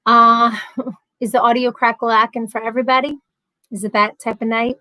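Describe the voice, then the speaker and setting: Chatty, high-voiced woman hosting a livestream. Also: level tone, normal speed, bright, forceful tone, no echo, rough recording. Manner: chatty, reads out viewer comments, laughs easily. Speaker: livestream host. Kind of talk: casual livestream chat.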